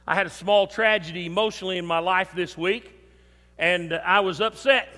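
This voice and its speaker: An older man preaching a sermon in a church, emphatic, with swings between loud and soft. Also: high voice, normal speed. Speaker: pastor. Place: church sanctuary. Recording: long hall reverb.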